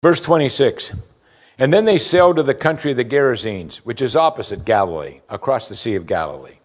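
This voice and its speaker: A man's voice: mid-range voice, expressive, a little fast. Preaching man, emphatic and dynamic. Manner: emphatic preaching, rising and falling in volume. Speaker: pastor. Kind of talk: sermon.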